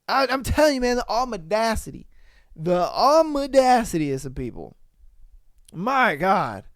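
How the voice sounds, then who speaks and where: Young male podcast host, casual and profane, animated, dry close mic. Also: sits high, dry recording. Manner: animated, profane, laughs a lot. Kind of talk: casual live-stream chat.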